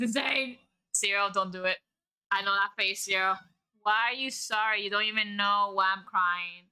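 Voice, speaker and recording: A woman's voice: mid-range voice, moderate pace, bright, forceful tone, clean tone. A woman live-streaming, chatting casually with her viewers in a playful, teasing way and laughing often.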